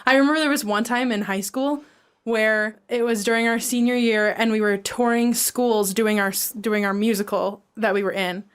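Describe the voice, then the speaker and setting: A woman's voice: on the high side, steady tone, normal speed, clean tone. A young woman co-hosting a podcast, telling a rambling story full of "like" fillers in a casual chat. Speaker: podcast co-host.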